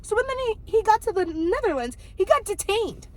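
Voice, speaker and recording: A woman's voice: very high voice, big pitch swings, brisk, darkish tone, low-quality recording. A woman of twenty-eight, telling a rambling story in casual vlog chat, full of likes and ums. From New Jersey. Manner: chatty, rambling, lots of "like" and "um". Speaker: vlogger.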